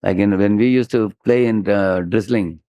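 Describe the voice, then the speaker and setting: A man with an Indian English accent gives a devotional lecture, telling stories in an animated way and prompting listeners with "huh?". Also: fairly low pitch, normal speed, no room sound, dull audio. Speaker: spiritual teacher giving a lecture. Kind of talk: devotional sermon with storytelling.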